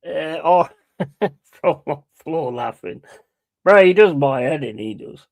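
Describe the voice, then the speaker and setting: A man hosting a football watch-along, calling play-by-play in a blunt, excitable and heavily sweary way. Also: fairly high pitch, slow, creaky. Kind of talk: live match commentary.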